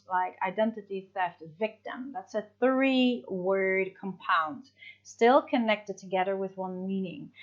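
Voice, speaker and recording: Woman teacher talking through a lesson, patient, keeps asking "right?", muffled lo-fi recording. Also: mid-range voice. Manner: patient explaining, checks in with "yeah?" and "right?". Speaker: English teacher.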